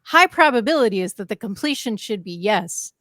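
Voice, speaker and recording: A woman's voice: mid-range voice, lively intonation, brisk, pushed and bright, no room sound. Woman explaining, dry close sound. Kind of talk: casual panel chat.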